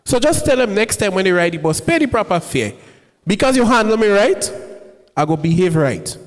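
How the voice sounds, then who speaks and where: An actor playing an upset but forgiving bus driver. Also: male voice, sits high, sing-song, moderate pace. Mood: grumbling. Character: aggrieved middle-aged bus driver. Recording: hall reverb.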